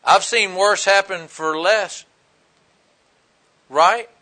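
A man's voice: high voice, extremely slow, bright, forceful tone. A man preaching a sermon in a folksy, emphatic way, full of rhetorical questions. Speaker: pastor.

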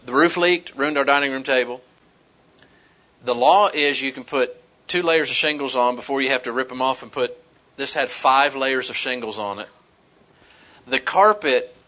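A middle-aged man preaching a sermon as pastor, animated and folksy, mixing scripture with humorous personal stories. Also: mid-range voice.

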